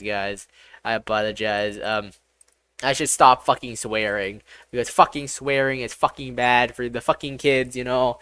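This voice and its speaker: A game developer streaming live, talking through each step aloud, excitable and swearing often. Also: medium pitch, smooth, dry recording, clean studio sound. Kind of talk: live-streamed coding commentary.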